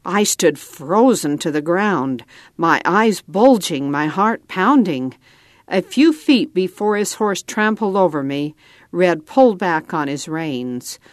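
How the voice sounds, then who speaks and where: A woman's voice: lowish voice, animated, takes it slowly, no room sound, clean studio sound. A woman reading a storybook aloud, lightly acting out the dialogue.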